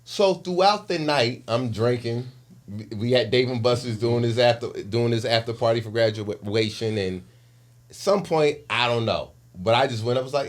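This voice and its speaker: A man in his forties, a podcast co-host, telling a personal story in casual chat with emotional, animated delivery. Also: mid-range voice, normal speed. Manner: animated, emotional retelling with lively shifts in loudness.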